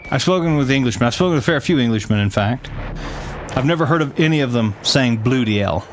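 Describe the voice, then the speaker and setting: A man's voice: mid-range voice, animated, a little fast, slight background noise. A man talks through a game on a live stream, chatting with his viewers as he plays. He rambles, often restarts his sentences and corrects himself mid-thought. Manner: reads game text aloud between chatting with viewers. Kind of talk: casual gameplay commentary with live chat.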